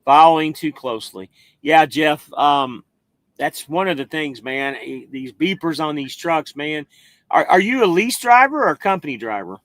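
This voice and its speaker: An American man hosting a trucking live stream. His voice sits a bit high, and he talks in a loose, rambling way with the odd swear. The sound is dry and close. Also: lively intonation, moderate pace, fairly bright tone, no room sound. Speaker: trucking livestream host. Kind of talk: casual live-stream chat reading viewer comments.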